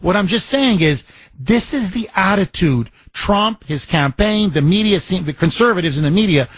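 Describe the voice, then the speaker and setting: A man's voice: sits high, animated, moderate pace, fairly bright tone, no room sound. A man hosting a political talk radio show, delivering an impassioned, emphatic monologue full of repetition.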